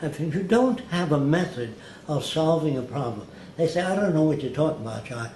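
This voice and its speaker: An older man being interviewed, telling stories slowly and deliberately and acting out what other people said. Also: on the high side, lively intonation, darkish tone. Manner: deliberate, slow-paced storyteller who mimics others' words. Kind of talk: anecdotal storytelling. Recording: echoey room with faint background noise.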